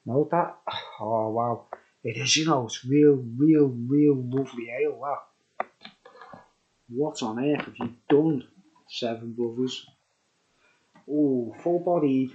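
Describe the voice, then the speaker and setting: A man's voice: medium pitch, takes it slowly, pauses often, darkish tone. A man casually reviewing a beer on his vlog, chatty and enthusiastic, rambling with laughs. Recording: dull lo-fi recording.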